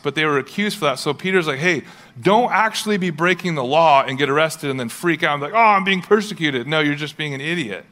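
A young man preaching a sermon in a casual, conversational way, with playful asides and quick acted-out quotes. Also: fairly high pitch, a bit bright. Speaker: pastor.

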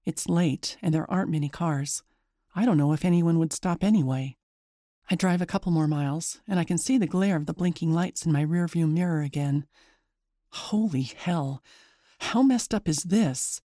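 Here a woman spins her own story in a bright, talkative manner at normal speed. The close, dry recording carries her mellow voice, pitched in the middle.

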